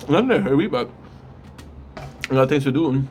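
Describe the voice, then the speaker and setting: A man's voice: mid-range voice, expressive, moderate pace, a little mellow, slight background noise. A man chatting casually on a live stream while eating spicy food, rambling with restarts and frequent mm sounds.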